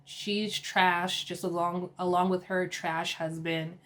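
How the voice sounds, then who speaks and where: A woman recapping a reality TV episode in a casual, sassy and animated way, with slang and laughter. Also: fairly low pitch, slow. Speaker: TV episode reviewer.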